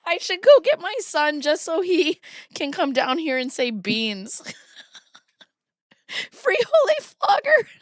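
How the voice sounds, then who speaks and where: Giggly woman streamer, slow and dry. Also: sits high, animated, dry recording. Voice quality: giggly, breaks into laughter. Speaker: streamer host. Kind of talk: casual livestream chat.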